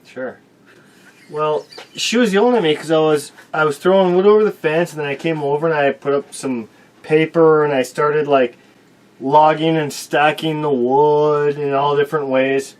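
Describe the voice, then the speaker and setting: A man's voice: a little high, normal speed, poor audio. A man co-hosting a casual talk show, telling stories about his family and food. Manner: animated storyteller. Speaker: co-host. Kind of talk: casual chat.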